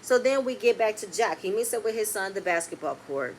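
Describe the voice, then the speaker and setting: A woman recapping a reality TV episode in a casual, blunt, animated way, with speech. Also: mid-range voice, brisk, a little hiss or hum. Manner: animated, blunt and swearing, swings between loud and quiet.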